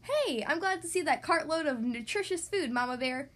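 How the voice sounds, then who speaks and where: Brisk lady bear doctor in a storybook, read by a woman. High, animated pitch. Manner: brisk and explanatory.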